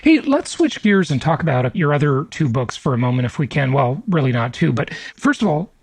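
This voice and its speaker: A man with a fairly high voice hosts a podcast interview. He asks chatty questions and laughs easily. He is recorded close and dry. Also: big pitch swings, fairly quick, husky, no room sound, rough recording. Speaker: podcast host.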